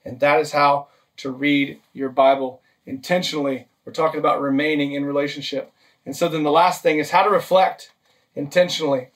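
A man's voice: fairly high pitch, steady tone, a little fast, far from the mic. A man preaching a sermon, a pastor teaching step by step and checking in with "okay?" and "right?". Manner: practical, list-driven teaching with frequent "okay?" and "right?" check-ins.

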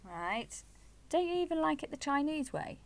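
Her voice sits high and is very animated as she co-hosts a relaxed podcast chat from home in Wales, moving at a moderate pace. She's talkative and teasing while discussing food and customs.

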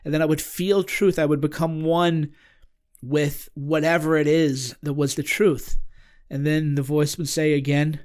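A man shares a personal story in relaxed podcast conversation, his somewhat higher voice darkish in tone with little pitch movement. Earnest and searching, he frequently stops and restarts mid-sentence while looking for words.

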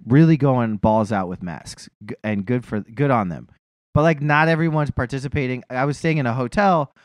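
A man's voice: mid-range voice, a little mellow, dry recording. A man telling a profane, self-mocking story in a casual podcast chat.

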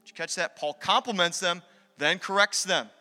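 A man preaching a sermon as pastor, energetic and conversational, slipping into acted asides. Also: sits high, moderate pace. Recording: long hall reverb.

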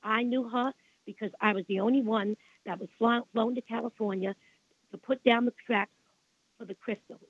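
A woman's voice: a little high, steady tone, moderate pace, slightly rough, dry recording. An older woman with a Brooklyn accent, telling long rambling stories as an interview guest. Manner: rambling, repeats herself, indignant about the past. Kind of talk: storytelling in a radio interview. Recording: tinny phone line.

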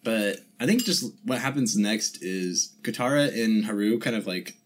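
Rambling lower-voiced man chatting. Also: moderate pace, a little hiss or hum. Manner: rambling, many restarts and fillers. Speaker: podcast co-host. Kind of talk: casual chat.

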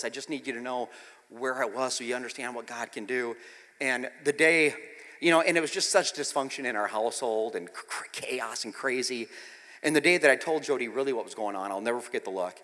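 A man preaching a sermon, telling the story with acted-out quotes and swinging from hushed, intimate passages to loud, shouted ones. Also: medium pitch, fairly quick, in a large hall. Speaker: pastor.

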